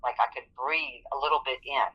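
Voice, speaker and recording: Speaking briskly in a rumbling low voice with a breathy edge and fairly even intonation, a woman shares her personal story as an interview guest. She tells it earnestly and vividly, voicing the quoted speech herself, on a somewhat dull, lo-fi recording.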